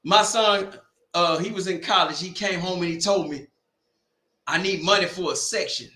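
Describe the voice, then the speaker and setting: A man in his forties hosting a watch-party stream, telling loud, joking stories in a casual, rambling way. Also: high-pitched, reverberant. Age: 40s. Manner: loud, boisterous, joking, drawn-out tangents. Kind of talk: casual storytelling chat.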